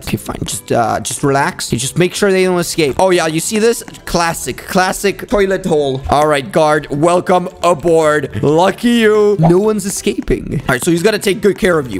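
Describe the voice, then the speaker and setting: A lively man narrates his game in an animated, sing-song voice that climbs high whenever things go wrong. He plays up a bossy cop act with quick jokes. Faint game music runs behind him. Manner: excitable, jumps into high yelps when panicking; jokingly acts as a bossy prison cop. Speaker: gaming video host. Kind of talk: playful let's-play commentary.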